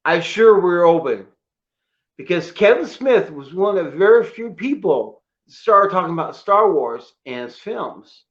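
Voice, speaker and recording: A man's voice: sits high, measured pace, dull audio. A man chatting casually as a co-host, telling emotional stories about his collection. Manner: excitable storyteller, emotional and choked up at times. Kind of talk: casual chat.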